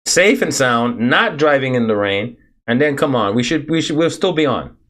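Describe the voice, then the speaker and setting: A man's voice: medium pitch, lively intonation, moderate pace, fairly bright tone. A man hosting a casual podcast chat, rambling and repeating himself with many fillers. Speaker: podcast host.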